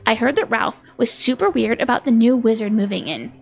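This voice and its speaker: A woman voicing a drowsy, gossipy female rhino in a video game, using a valley-girl lilt and vocal fry. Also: on the high side, brisk, faint music behind.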